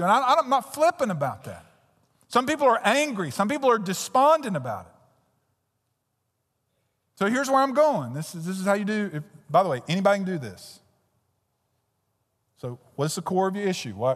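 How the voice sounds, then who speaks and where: A man preaching a sermon as pastor, putting direct questions to his congregation and swinging between emphatic and hushed delivery. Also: sits high, in a large hall.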